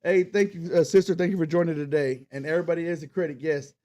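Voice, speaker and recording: A man's voice: fairly high pitch, steady tone, quick pace, warm tone. A man hosting a podcast, ranting casually and with plenty of swearing about sports fans and reading the live chat. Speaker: podcast host.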